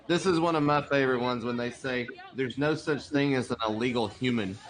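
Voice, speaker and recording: A man with a mid-pitched voice speaks bluntly and dismissively on a livestream, cursing freely. A crowd is audible behind him. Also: a little fast, poor audio. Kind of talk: casual chat on a livestream.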